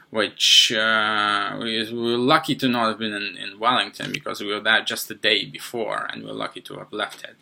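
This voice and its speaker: A man hosting a podcast, telling a first-person story in a halting way, with many fillers and restarts. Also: on the low side, creaky, sharp tone. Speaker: podcast host.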